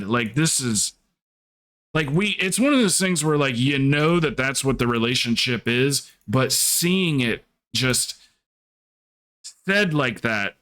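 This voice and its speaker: Rambling man streamer with a bright, forceful voice. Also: mid-range voice. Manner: rambling storyteller acting out quotes. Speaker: livestreamer. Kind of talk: casual stream chat.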